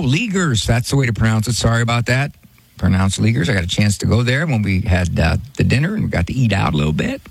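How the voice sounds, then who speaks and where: A man's voice: medium pitch, gravelly, slightly rough, no echo. A middle-aged American man hosting a Christian call-in radio show, folksy and pastoral, repeating the phone number. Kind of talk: casual call-in radio talk.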